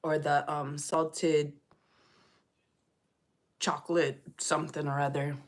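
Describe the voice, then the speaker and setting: A middle-aged woman chatting on a livestream, telling stories in a lively, fired-up way and greeting viewers by name. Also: deep voice, takes it slowly. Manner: animated storyteller, gets loud and fired up. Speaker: livestream host. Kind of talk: casual livestream chat.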